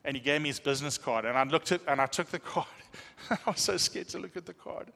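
A man telling a humorous, animated testimony as a pastor in a church. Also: on the high side, fast talker, vocal fry, big-room sound. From South Africa. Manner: animated storytelling, self-deprecating humor. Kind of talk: sermon testimony.

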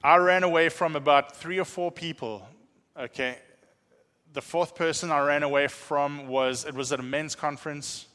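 Bright-voiced preacher. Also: male voice, fairly high pitch, normal speed, clear, resonant tone, in a large hall. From South Africa. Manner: animated storytelling, self-deprecating humor. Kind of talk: sermon testimony.

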